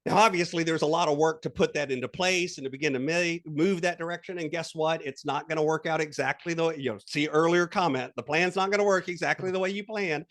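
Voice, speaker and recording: This guest coach on a podcast has a fairly high male voice and a quick pace with few pauses. He spins an imagined scene with lively energy and slips into quoted voices, while his steady, guiding tone coaches the listener along.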